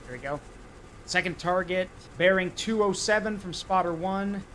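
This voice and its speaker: A man's voice: sits high, normal speed, a bit bright, a little hiss or hum, rough recording. A man streaming live gameplay, talking himself through each step and getting frantic and swearing under pressure.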